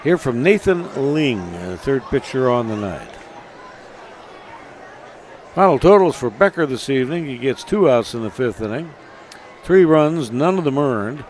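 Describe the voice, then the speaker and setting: A man calling a baseball game as play-by-play announcer, relaxed and chatty between pitches. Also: a little slow, a faint crowd, a little hiss or hum. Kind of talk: baseball radio commentary.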